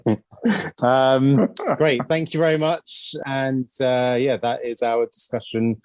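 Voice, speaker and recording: A man's voice: medium pitch, steady tone, slow pace, clear, resonant tone, dry recording. A man hosting a film podcast in casual chat, full of fillers, restarts and laughter. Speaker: podcast host.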